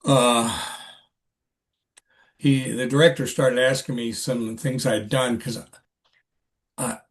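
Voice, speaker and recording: An older man with a medium-pitched voice recounts an old experience in a relaxed interview. He talks in a halting, rambling way, circling back with fillers and restarts as he goes. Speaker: actor, podcast guest. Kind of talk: casual interview storytelling.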